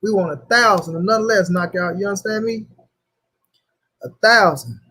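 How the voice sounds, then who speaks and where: A man's voice: high voice, normal speed, bright, forceful tone. A young man hosting a casual livestream, talking loosely in slang and greeting viewers by name. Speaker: livestream host.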